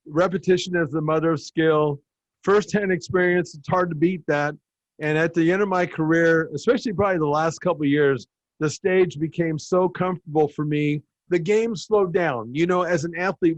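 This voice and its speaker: A man hosting a podcast, telling stage stories in a relaxed chatty way and acting out what others said. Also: a little high, no echo, dull audio. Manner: storytelling, animated when quoting others. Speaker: podcast host. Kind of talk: casual interview chat.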